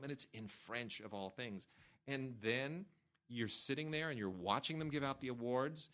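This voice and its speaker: Animated male podcast host telling stories. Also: mid-range voice, moderate pace. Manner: animated, acts out quotes with restarts. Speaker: podcast host, film critic. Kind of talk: casual storytelling chat.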